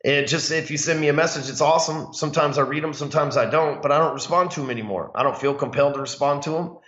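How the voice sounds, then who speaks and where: A man, a sales coach, talking casually to camera about his goals. He is blunt and profane, calls himself hot-headed, and acts out callers with sudden loud jumps in pitch. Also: fast talker. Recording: echoey room, dull lo-fi sound.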